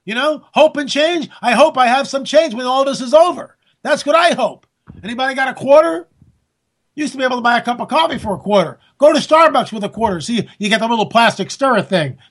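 A man's voice: high-pitched, a bit bright. A man hosting a political talk radio show, ranting and sarcastic, talking straight to his listeners. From California.

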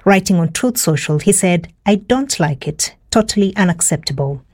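A woman's voice: fairly low pitch, expressive, moderate pace, a little mellow. A woman presenting a radio news programme, conversational with small fillers.

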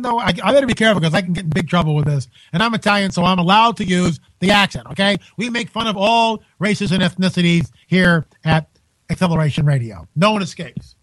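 Man, live radio host, high-pitched, jokey and rambling, dry close sound. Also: fast, no room sound, poor audio. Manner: joking, animated, with frequent restarts. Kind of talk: casual live radio talk. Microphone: studio microphone on a live radio broadcast.

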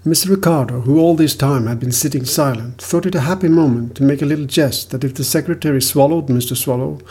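A man reading a novel aloud as audiobook narrator, in a measured storytelling manner. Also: medium pitch, mellow, husky, rough recording.

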